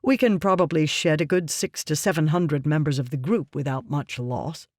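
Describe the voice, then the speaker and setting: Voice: mid-range voice, moderate pace, no room sound, clean studio sound, close to an everyday voice. An audiobook reader voicing a ruthless, scheming merchant man who talks down to others in a curt, lecturing way. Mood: dismissive. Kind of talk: audiobook character reading.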